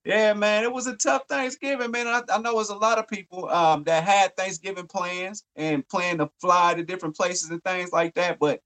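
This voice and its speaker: A man's voice: sits high, fairly even intonation, moderate pace, hardly any pauses, fairly bright tone, low-quality recording. A man co-hosting a podcast in casual chat, laid-back, repeating his words and tagging lines with "man". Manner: laid-back, repeats words, trailing "man" and "you know what I'm saying". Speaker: podcast co-host.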